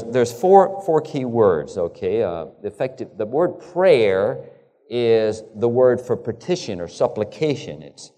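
A man preaching in a reverberant hall, his voice warm and mellow. He talks haltingly, doubling back on his words, and his pitch climbs and falls a lot as he stresses a point. He asks his listeners rhetorical questions. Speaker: pastor. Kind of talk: sermon.

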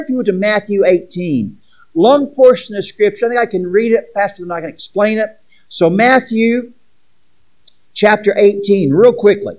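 A man's voice: high voice, a little mellow, poor audio. A man preaching a sermon as pastor, earnest, reading scripture aloud with asides to the congregation.

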